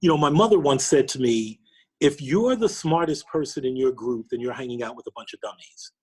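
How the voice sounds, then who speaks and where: A middle-aged man from New York, a podcast guest, telling a personal story with lively quoted dialogue. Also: medium pitch, a little fast, breathy edge. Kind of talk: storytelling interview.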